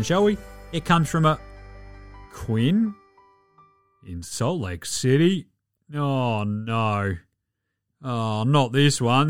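A man's voice: medium pitch, dry recording, studio quality. An Australian man presenting a mock HR advice segment in a comedic skit, playing up being choked with emotion and sentimental.

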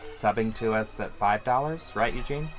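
A man's voice: fairly low pitch, moderate pace, music in the background. A man co-hosting a gaming podcast, wry and self-deprecating as he runs through a giveaway. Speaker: podcast co-host. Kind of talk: casual podcast chat.

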